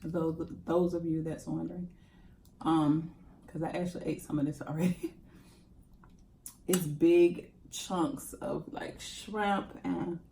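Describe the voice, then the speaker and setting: A woman's voice: low-pitched, steady tone, takes it slowly, creaky, dark tone, a little hiss or hum. A woman hosting a mukbang, chatting casually and laughing while she eats. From Jacksonville, Florida. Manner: chatty, laughs often, talks while eating. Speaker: mukbang channel host. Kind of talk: casual eating chat to camera.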